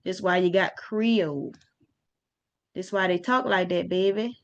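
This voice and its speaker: A woman's voice: lowish voice, measured pace, lo-fi sound. A woman hosting a casual history talk for her viewers, informal and chatty, with slang and restarts. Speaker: host.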